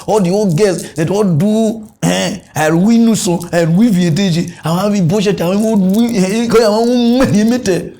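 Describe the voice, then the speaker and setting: Male comic host, Nigerian Pidgin accent, high-pitched, animated satirical rant. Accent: Nigerian Pidgin English. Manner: animated ranting, switching between loud outbursts and low mutters. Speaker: comedy news host. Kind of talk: satirical comedy monologue.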